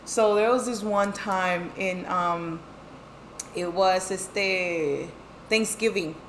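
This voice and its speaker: A woman's voice: lowish voice, slow pace, fairly bright tone, slight background noise. A middle-aged woman telling a family story in casual chat, switching between English and Spanish and acting out the voices of the people in it. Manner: heavy swearing, lots of fillers. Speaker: guest telling her life story.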